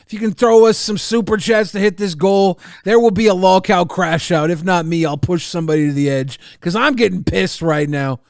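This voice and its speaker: A man's voice: high-pitched, moderate pace, no room sound, clean studio sound. A man on a streamed panel, mock-indignant and playful, urging the audience on. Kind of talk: casual chat.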